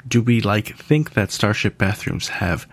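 Podcast host, American man, low gravelly voice, lively delivery, dry jokey asides. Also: unhurried. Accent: General American. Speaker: podcast host answering listener questions. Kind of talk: casual listener Q&A.

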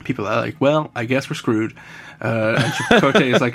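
A man's voice: medium pitch, normal speed, a bit bright. A man casually recapping a TV episode, rambling and laughing often. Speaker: podcast co-host recapping an episode. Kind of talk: casual chat.

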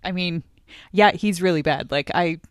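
A woman's voice: on the low side, normal speed, dry recording, studio quality. A woman hosting a podcast, chatting in a playful, emphatic way. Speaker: podcast host. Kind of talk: casual chat.

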